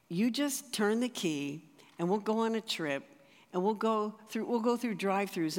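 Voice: mid-range voice, close to an everyday voice. A speaker playing a coaxing, cheerful Jesus. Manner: upbeat and persuasive. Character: Jesus as a cheerful, coaxing male travel companion. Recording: long reverb in a large hall.

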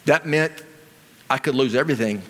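A middle-aged male pastor preaching a sermon, telling stories in an animated way with emphatic repetition. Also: mid-range voice, moderate pace, in a large hall.

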